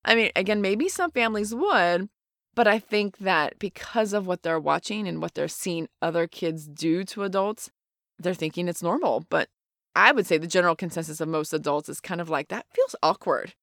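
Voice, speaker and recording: A woman's voice: on the low side, lively intonation, moderate pace, fairly bright tone, dry recording, studio quality. A middle-aged woman co-hosting a parenting podcast, talking earnestly and emphatically, explaining points with everyday examples. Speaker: podcast co-host. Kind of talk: casual parenting chat.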